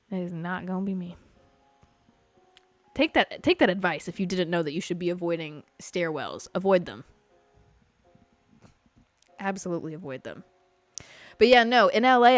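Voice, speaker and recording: A woman's voice: mid-range voice, no room sound. Chatty young woman telling a story. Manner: animated, swearing, many fillers. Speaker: podcast host. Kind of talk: casual storytelling chat. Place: Los Angeles.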